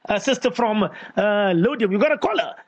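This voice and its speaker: A man's voice: high voice, lively intonation, fairly quick, breathy edge, highs cut off. A man hosting a live radio call-in show, playful and coaxing, stretching words for emphasis. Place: radio studio.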